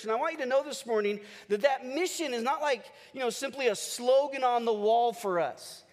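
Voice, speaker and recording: A man preaching a sermon as pastor, energetic and rousing his congregation. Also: extremely high pitch. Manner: energetic, leads the congregation in call-and-response cheers. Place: large church hall. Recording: long church hall reverb.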